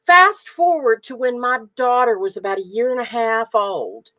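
A woman's voice: fairly high pitch, animated, normal speed, pushed and bright. A middle-aged woman co-hosting a casual chat, telling stories and laughing often. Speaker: podcast co-host.

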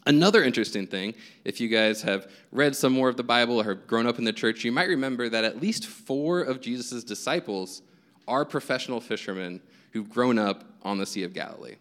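A man's voice: medium pitch, fairly quick, fairly bright tone. A young man preaching a casual, conversational sermon as pastor, telling stories with self-deprecating humor.

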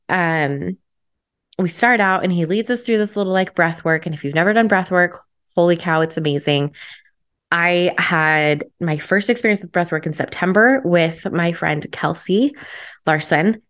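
A woman hosting a podcast, telling a personal story in a chatty, enthusiastic way with lots of filler words. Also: lowish voice. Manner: chatty, filler-heavy with frequent "like"; enthusiastic, energetic. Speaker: podcast host.

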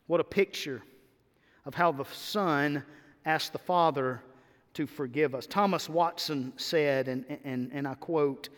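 A man delivers a sermon with a high-pitched voice that climbs to emphatic peaks and settles into quieter stretches. His words trail into the long reverb of a large hall. He speaks as a pastor to his congregation. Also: measured pace. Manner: energetic preaching, rising to emphatic peaks and dropping to quiet asides.

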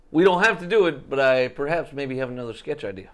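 A man's voice: medium pitch, lively intonation, brisk, fairly bright tone. A man co-hosting a comedy podcast, setting up an improvised sketch in a playful, laughing manner. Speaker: podcast co-host.

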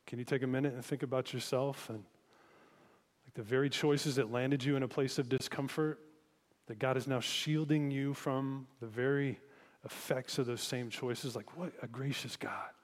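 A man's voice: medium pitch, fairly even intonation, normal speed, long reverb tail. A man preaching a sermon as pastor, in a conversational way, asking listeners reflective questions.

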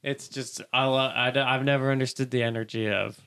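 A man's voice: medium pitch, steady tone, fairly quick, a bit bright, clear, resonant tone. A young man hosting a casual chat, rambling and laughing often.

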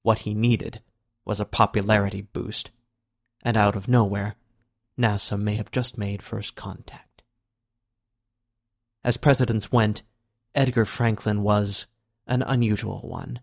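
A man reading a novel aloud with steady, even narration. His voice sits on the lower side. The delivery stays scripted and controlled. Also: unhurried, gravelly, pauses often, dry recording, clean studio sound. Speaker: audiobook narrator.

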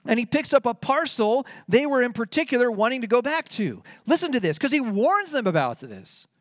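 A man's voice: very high voice, very animated, brisk, no room sound, studio quality. A man preaching a sermon, emphatic and rising when he reads out scripture. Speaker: pastor.

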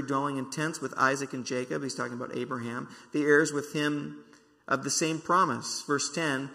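A man's voice: medium pitch, level tone, normal speed, vocal fry, sharp tone. A man preaching a sermon, emphatic and repeating key words to drive his points home, heard in a large hall. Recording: long reverb from a large hall.

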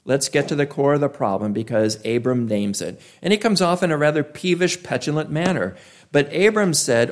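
Preacher, male, emphatic sermon delivery, repeats lines for weight, slow deliberate pauses. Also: a little high. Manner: emphatic, repeats key phrases, drawn-out pauses.

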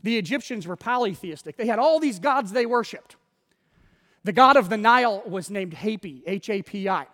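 A man's voice: high voice, lively intonation, normal speed, a bit bright. A man preaching a sermon as pastor, telling the story with animation and acting out the quotes. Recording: long reverb of a large hall.

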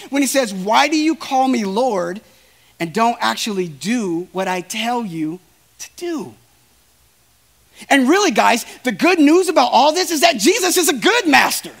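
Male preacher, sermon delivery, pitched high with a raspy fry, talks straight to the congregation. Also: a bit bright. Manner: earnest, emphatic, addresses listeners directly.

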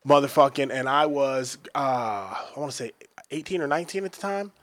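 A man co-hosting a podcast, telling a story in profane, animated casual chat. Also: medium pitch, fairly quick, dry recording. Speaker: podcast co-host.

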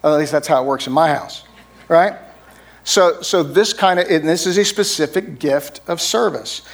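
With vocal fry and a somewhat high voice at ordinary speed, a middle-aged pastor preaches in a conversational style. He regularly checks in with listeners through tag questions of "right?"

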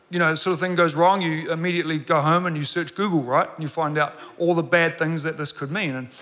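Man in his 40s, pastor, bright forceful voice, earnest sermon delivery with emphatic repeats, long hall reverb. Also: a little high. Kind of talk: sermon with personal story.

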